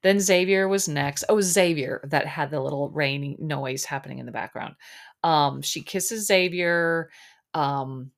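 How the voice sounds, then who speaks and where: A chatty middle-aged woman with a low voice hosts a podcast on her own, talking casually. She rambles along with plenty of fillers and sounds a bit sleepy. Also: measured pace, vocal fry. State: sleepy, yawning. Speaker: podcast host recapping a reality show. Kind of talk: casual solo chat.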